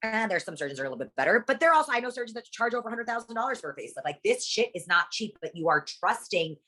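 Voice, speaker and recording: A woman's voice: fairly high pitch, sing-song, pushed and bright. A young woman from Guatemala, a guest in a casual interview, talking bluntly and emphatically with plenty of swearing. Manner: blunt, profane, rapid-fire and emphatic. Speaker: interview guest, plastic surgery practice worker.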